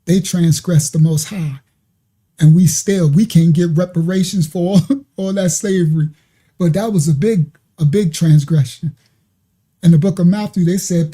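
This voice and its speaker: A man's voice: high-pitched, moderate pace, warm tone, husky. A man hosting a religious channel, chatting and laughing through reaction commentary with preacherly asides.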